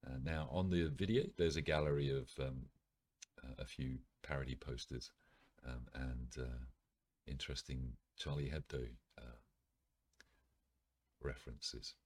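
A man's voice: rumbling low, steady tone, unhurried, long pauses, darkish tone. A man reading an article aloud, then breaking off for wry asides with frequent ums. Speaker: video presenter.

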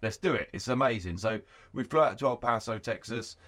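A man in his thirties, a garage owner, telling his story in an animated, profane, casual way and acting out the voices of people he quotes. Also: lowish voice, a little fast.

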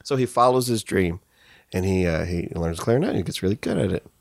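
Brief: male podcast host, crude and animated storyteller, mid pitch with big swings, dry sound. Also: quick pace, vocal fry, dry recording. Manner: loose, crude, swearing, animated. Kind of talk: profane comic storytelling.

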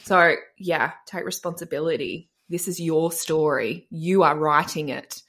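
A woman business coach co-hosting a podcast, ranting forcefully with tough love and swearing. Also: sits low, measured pace. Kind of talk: casual podcast rant.

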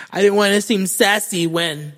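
Casting: a podcast host, a young man with a high voice, profane and animated, recorded in a long echoing hall. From Florida, USA. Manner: profane, animated, self-mocking. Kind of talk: comedic storytelling monologue.

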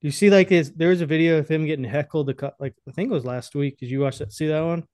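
A man's voice: on the high side, fast, darkish tone, no echo. A young man co-hosting a podcast in casual, rambling chat, crude and often laughing. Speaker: podcast co-host.

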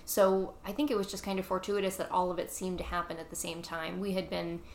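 A woman's voice: fairly low pitch, level tone, slight background noise. Chatty woman guest in an echoey room. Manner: friendly, chatty, quick to laugh. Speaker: guest, comics editor-in-chief. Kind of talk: casual interview chat.

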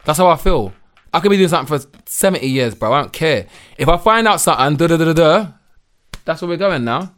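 A man's voice: a little high, fast talker. A young man, chatting animatedly as a podcast guest and using lots of slang. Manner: animated, slangy, repeats "bruv". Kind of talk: casual chat.

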